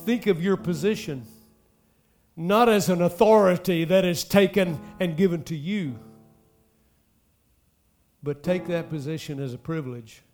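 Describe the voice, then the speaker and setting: A man preaches a sermon to his congregation in a slightly high voice. He builds to forceful emphatic swells and then falls to near-quiet drops, addressing the listeners directly. A faint guitar plays underneath. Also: unhurried, pauses often. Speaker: pastor.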